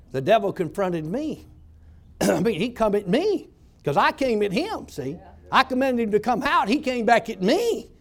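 A male pastor preaching a sermon, telling stories and building up to loud shouts. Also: sits high, sing-song, a little slow.

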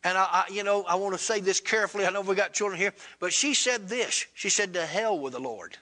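A man's voice: fairly even intonation, fast, bright, forceful tone. A man preaching a sermon, retelling a story in plain, folksy speech and acting out both sides of the dialogue. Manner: retells dialogue with rising pitch, Southern colloquial grammar.

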